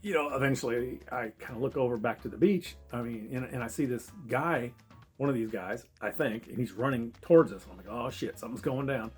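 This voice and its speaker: A man's voice: mid-range voice, animated, fairly quick, breathy edge, faint music behind. A man telling a travel story in a casual, profane way, laughing as he goes. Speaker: travel vlogger.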